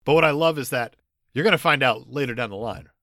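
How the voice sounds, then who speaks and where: A man co-hosting a casual movie review podcast, animated and quick to laugh. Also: mid-range voice, dry recording, clean studio sound. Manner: animated, laughs often, does quick impressions. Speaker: podcast co-host.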